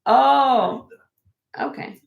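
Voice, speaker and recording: A woman hosting a casual live jewelry sale from home, briskly listing rings and sizes with chatty asides. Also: high voice, gravelly, lo-fi sound. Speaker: host selling jewelry on a live stream.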